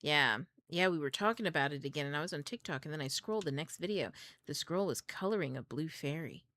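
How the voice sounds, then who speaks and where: This young adult woman has a deep, animated, fairly bright voice and talks fast while hosting a book club stream. A little hiss or hum sits under her casual storytelling, which is full of fillers and laughs.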